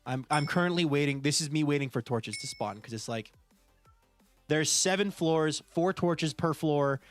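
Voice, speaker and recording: A man's voice: fairly high pitch, moderate pace, soft background music. A man streaming a building game live, chatting casually and reading out and thanking viewers by name. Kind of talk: live gameplay stream chat.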